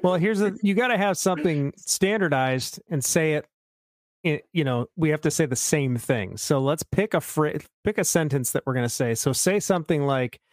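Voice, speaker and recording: Higher-voiced male co-host from Chicago, playful and teasing. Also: moderate pace, dry recording, clean studio sound. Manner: teasing, animated storyteller. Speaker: podcast co-host. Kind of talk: casual sports chat.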